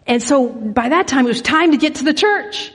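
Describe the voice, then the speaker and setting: A woman's voice: high-pitched, animated, normal speed, long reverb tail. A woman giving an earnest sermon, telling a church story and leading a prayer, often restarting her words. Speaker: church speaker.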